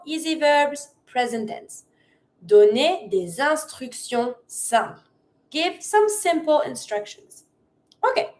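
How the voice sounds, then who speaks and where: A woman who is a native French speaker teaching a French lesson. She drills pronunciation carefully and switches between English and French. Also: high-pitched. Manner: energetic when demonstrating commands. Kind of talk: language lesson.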